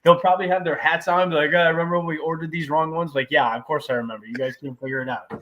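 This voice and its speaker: A man's voice: fairly high pitch, steady tone, fast talker, lo-fi sound, slight background noise. A man chatting casually as a podcast guest, laid-back and enthusiastic. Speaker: podcast guest, racer and shop owner. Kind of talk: casual chat.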